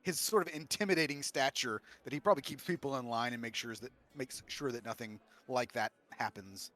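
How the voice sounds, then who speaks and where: A man's voice: medium pitch, brisk, a bit bright. A man running a tabletop game as game master, narrating in a casual way with many restarts.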